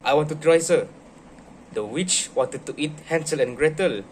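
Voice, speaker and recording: A man's voice: on the high side, expressive, moderate pace, slight background noise. Hesitant polite young man answering. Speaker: student in a classroom role-play.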